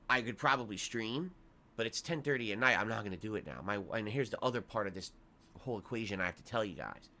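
Congested guy rambling about being sick, bright tense voice. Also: mid-range voice. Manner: rambling, complaining about illness. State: congested nose. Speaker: streamer. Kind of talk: sick-day update to viewers.

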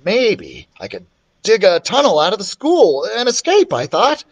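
A man reading a children's chapter book aloud, expressive and playful, switching voices for the characters. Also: unhurried. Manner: expressive, voices the characters with big pitch swings. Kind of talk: storybook read-aloud.

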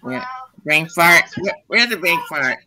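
A man with a higher-than-usual voice and a very sharp, tense tone. He chats casually on a stream and keeps greeting viewers in a friendly way. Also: lively intonation, unhurried, creaky, no echo, rough recording. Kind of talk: casual group chat on a live stream.

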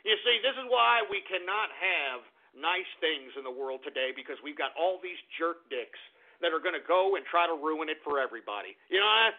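A man hosting a talk radio show, ranting in a brash, insulting way with sudden shouting outbursts. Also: fairly high pitch, expressive, brisk. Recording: tinny phone-like radio audio.

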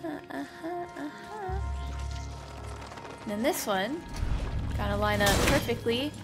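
A woman's voice: high-pitched, slow pace, creaky. A woman doing casual let's-play commentary over a video game, exclaiming and joking at her own expense. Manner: excitable, exclaiming and joking at herself. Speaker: gamer playing through a video game. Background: game music and sound effects.

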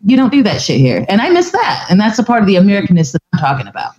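Blunt, lively woman from Florida. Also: fairly low pitch, very fast, muffled recording. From Florida, USA. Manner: lively, blunt, swears freely. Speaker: guest. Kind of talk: casual conversation.

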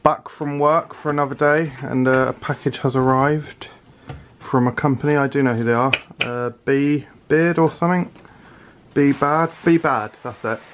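A man's voice: mid-range voice, steady tone, moderate pace. A young British man chatting casually to camera in a vlog, with sweary, sarcastic asides. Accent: British English. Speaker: vlogger.

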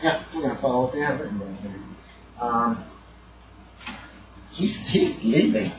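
A man narrating as game master in a tabletop horror game, talking loosely with lots of fillers and bursts of shouted sound effects. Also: medium pitch, animated, measured pace. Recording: roomy, distant, dull, noisy home recording.

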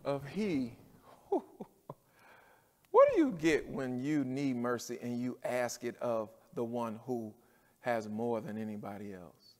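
Preaching man in a reverberant church. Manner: preacher's cadence, swinging from low and quiet to shouting. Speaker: pastor. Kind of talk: sermon.

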